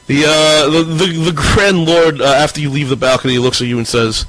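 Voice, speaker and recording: Halting male dungeon master. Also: on the high side, fairly even intonation, fairly bright tone, no echo, rough recording. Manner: halting, repeats words, laughs often. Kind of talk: narrating a tabletop game.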